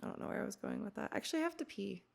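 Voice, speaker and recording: A woman's voice: medium pitch, expressive, rapid-fire, creaky. A young adult woman hosting a podcast. She chats casually and rambles, giggles and swears offhandedly. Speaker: podcast host. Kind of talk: casual chat.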